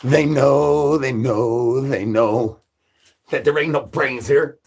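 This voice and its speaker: A man's voice: medium pitch, slow pace, gravelly, darkish tone, husky. A man hosting a livestream, rambling in a hungry zombie persona with repetitive sing-song catchphrases and crude jokes. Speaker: livestream host.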